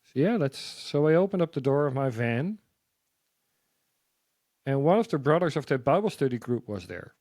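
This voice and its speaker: Man telling a halting personal story. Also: mid-range voice, sing-song, a little mellow, no echo. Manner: halting, with restarts and repeated words. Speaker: guest sharing a testimony.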